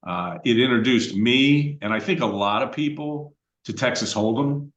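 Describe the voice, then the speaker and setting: A man's voice: medium pitch, moderate pace, a bit bright, highs cut off. A middle-aged American man hosting a podcast, talking in a casual, rambling way with frequent fillers and restarts. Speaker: podcast host. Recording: roomy echoey room.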